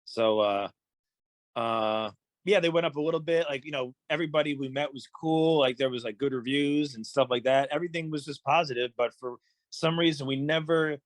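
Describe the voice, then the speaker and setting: A man, a musician guest on a podcast, telling stories in a relaxed, rambling way with many fillers. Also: mid-range voice, fairly quick, no room sound. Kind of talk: casual storytelling in an interview.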